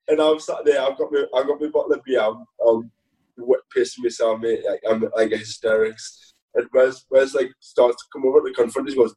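A man in a relaxed interview chat, telling dressing-room stories with a dark, mellow tone. He rambles, laughs often and restarts his sentences. His voice sits a little back from the microphone. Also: mid-range voice, a little fast, far from the mic, rough recording. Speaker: footballer guest.

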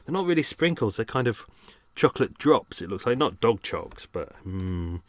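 A man's voice: mid-range voice, sing-song, normal speed, no echo. A man hosting a podcast, chatting in a rambling, self-mocking unscripted monologue at home. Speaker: podcast host. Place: home, walking off from the mic to make tea.

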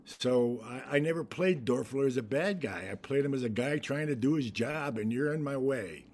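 A medium-pitched voice at normal speed belongs to an older actor recounting anecdotes in an interview. He keeps laughing and restarting, and he plays out the voices of the people he quotes.

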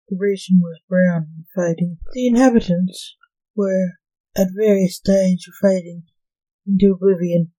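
A woman reading a dark story aloud in a slow, solemn, dramatic manner. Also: on the low side, fairly even intonation, low-quality recording. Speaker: narrator.

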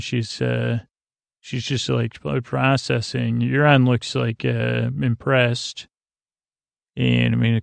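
Man, sleepy rambling recap host; gravelly, monotone, close and dry. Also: mid-range voice, dry recording. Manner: rambling, many uh fillers, flat drowsy delivery. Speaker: podcast host recapping a TV episode.

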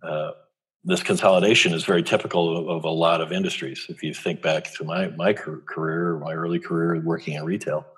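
Deep, husky-voiced man giving an interview. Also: flat delivery, fairly quick, a bit bright. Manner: hesitant, many fillers and restarts. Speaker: guest, executive coach. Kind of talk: conversational interview.

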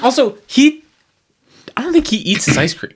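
Chatty podcast co-host with lively pitch. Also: breathy edge. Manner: chiming in with quick agreement and laughs. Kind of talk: casual film review chat.

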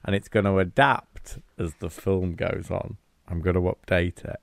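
A man's voice: deep voice, steady tone, moderate pace, vocal fry, no echo, clean studio sound. A man co-hosting a film podcast, chatting casually with wry asides and thinking-aloud fillers. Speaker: podcast co-host.

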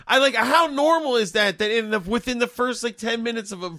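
A man's voice: very high-pitched, a little fast, bright, forceful tone, dry recording, studio quality. A man co-hosting a casual movie podcast who reacts with disbelief and swears often. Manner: emphatic, incredulous, swears a lot.

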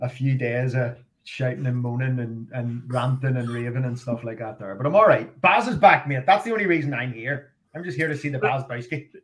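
A man on a fan podcast panel who talks in a calm, friendly, easygoing way. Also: medium pitch, brisk. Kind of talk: casual fan podcast chat.

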